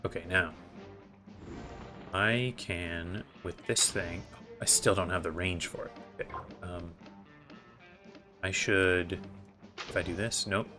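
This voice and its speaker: A man's voice: sits low, steady tone, slow, pauses often, over music. A man giving casual gameplay commentary as host, thinking aloud in a hesitant way with many fillers. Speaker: gaming video host.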